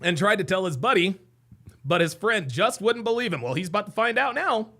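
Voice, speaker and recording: A man hosting a livestream, giving excitable, mocking reaction commentary and repeating himself a lot. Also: high-pitched, brisk, vocal fry. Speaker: livestream host.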